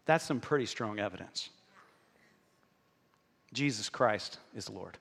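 A pastor preaches live in a reverberant church hall, joking, animated and speaking straight to his congregation. His voice is fairly low and creaky, and he talks slowly.

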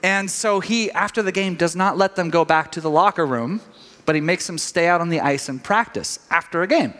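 A middle-aged man preaching a sermon, telling a story with animated quoted voices. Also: high voice, fairly quick. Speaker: pastor. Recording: long reverb of a large hall.

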